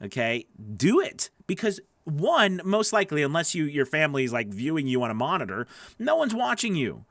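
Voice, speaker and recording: A man with a slightly raised speaking pitch coaches voice actors in a relaxed, chatty way and answers viewers' questions as they come in. He sounds close and dry on a studio microphone, with no room echo around him. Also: moderate pace. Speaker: voice-over coach. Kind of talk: live-stream Q&A teaching.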